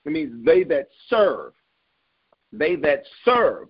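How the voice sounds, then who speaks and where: Man preaching a sermon, husky voice, lively swooping pitch, emphatic repetition, dull lo-fi recording. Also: slow pace, long pauses.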